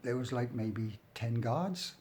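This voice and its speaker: A man's voice: mid-range voice, expressive, takes it slowly, darkish tone. A middle-aged man with a working-class English accent tells his own story in a loose, rambling way. He is blunt and swears freely, and he often slips into the present tense as he talks. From England. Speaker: storyteller recounting his prison life. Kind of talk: casual spoken storytelling.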